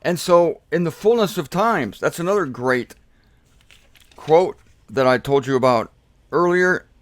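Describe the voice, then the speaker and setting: A man with a slightly raised pitch teaches scripture in a loose, playful manner. He leans hard on single words and repeats them. The sound is dry and close. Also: animated, unhurried, no room sound. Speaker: Bible teacher. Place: home room.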